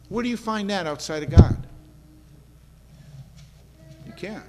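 A man preaching a sermon in an earnest, conversational way, repeating key phrases as he speaks to his congregation. His voice sits high for a man. The room gives a long, hall-like reverb behind him. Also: a little hiss or hum. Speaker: pastor.

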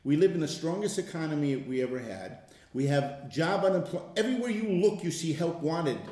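A man speaks to a small group, telling animated stories from his own life. He leans hard on key words, slowing down to hammer them home. His voice sits a little high and rings around a reverberant room. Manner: animated storyteller, emphatic slow stresses. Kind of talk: casual testimony talk. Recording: echoey room.

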